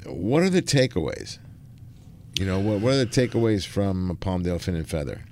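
Low-voiced enthusiastic fishing show host. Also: male voice, very animated, moderate pace, a little mellow, a little hiss or hum. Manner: enthusiastic storytelling with fillers. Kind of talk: casual chat.

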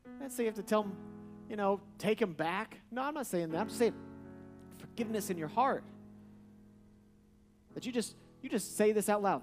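High-voiced preacher over soft guitar. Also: male voice, lively intonation, normal speed, long pauses. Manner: repetitive, rising to loud emphatic refrains. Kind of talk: sermon. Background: soft guitar music.

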